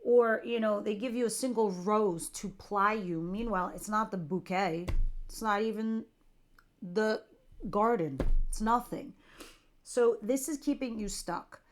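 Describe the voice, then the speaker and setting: A woman's voice: medium pitch, unhurried, slight background noise. Middle-aged woman, tarot reader, loose and talkative, plain mid-range voice. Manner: chatty, jokey, talks straight to viewers. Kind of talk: casual tarot reading monologue.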